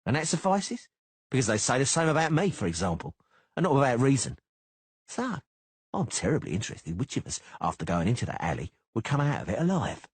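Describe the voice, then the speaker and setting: A man reading an audiobook, voicing a swaggering male mercenary who mocks and menaces in a husky, taunting voice. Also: medium pitch, wildly swooping pitch, fairly quick, dry recording, pitched above the performer's own voice, heavily acted. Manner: taunting, sneering.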